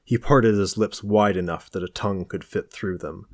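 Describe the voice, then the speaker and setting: Low-voiced man reading a novel. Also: fairly even intonation, normal speed, darkish tone, dry recording, clean studio sound. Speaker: audiobook reader. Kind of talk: novel narration.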